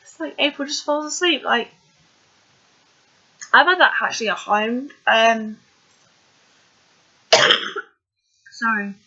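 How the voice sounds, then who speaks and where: Bright-voiced chatty woman, lo-fi. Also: on the high side, expressive, takes it slowly, pauses often. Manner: chatty and rambling, many fillers. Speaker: TV episode recapper. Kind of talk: casual video recap.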